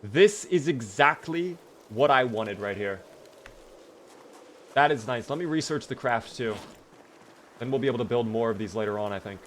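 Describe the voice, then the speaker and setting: A man's voice: mid-range voice, moderate pace, pauses often, slight background noise. Chatty man streaming a game. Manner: chatty, talks to chat, bursts of excitement. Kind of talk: live game commentary.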